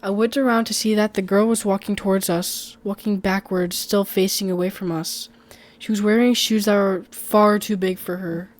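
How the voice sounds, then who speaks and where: A woman's voice: medium pitch, steady tone, moderate pace. Female storytime narrator, first-person horror, conversational read with occasional stumbles. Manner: conversational reading with small slips and restarts.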